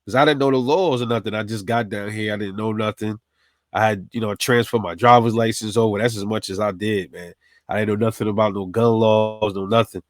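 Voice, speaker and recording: A man's voice: fairly low pitch, brisk, no room sound. A man from New City, telling a personal story in a casual, streetwise, profane way. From New York City. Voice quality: streetwise, profane, animated retelling.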